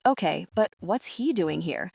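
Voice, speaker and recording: A woman's voice: fairly low pitch, lively intonation, unhurried, gravelly, a little mellow, husky, dry recording, studio quality, heavily acted. A woman voicing a blunt, suspicious twelve-year-old girl who asks probing questions, in an audiobook reading.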